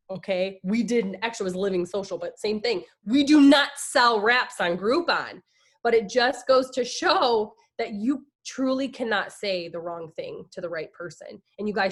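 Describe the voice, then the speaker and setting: Chatty woman telling her story. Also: medium pitch. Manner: chatty and emphatic, heavy use of "like". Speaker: guest speaker. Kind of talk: personal story told to an online group.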